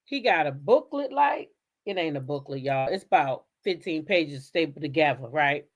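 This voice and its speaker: Animated woman host retelling a court story. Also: sits low, normal speed. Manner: animated, laughing, dramatic retelling with asides to viewers. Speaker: commentary channel host. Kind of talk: casual storytelling commentary.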